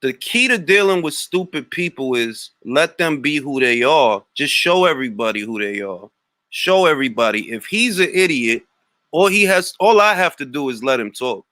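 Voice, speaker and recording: A man's voice: medium pitch, lively intonation, moderate pace, pushed and bright, no room sound. Brash New York man taunting on a livestream. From Harlem, New York. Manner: brash, mocking trash talk with street slang. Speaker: livestream host.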